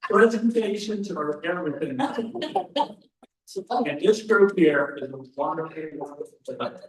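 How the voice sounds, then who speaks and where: A man's voice: a little high, a little slow. Folksy man telling a story in a hall. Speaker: club member closing an event. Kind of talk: telling a joke at a banquet. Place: event hall. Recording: roomy hall, distant mic.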